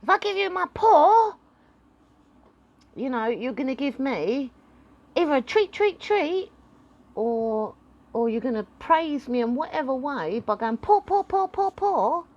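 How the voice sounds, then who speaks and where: A woman doing an eager high-pitched pet dog. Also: lo-fi sound, full character voice. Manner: excited, repetitive, high and fast. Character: eager pushy pet dog begging for treats.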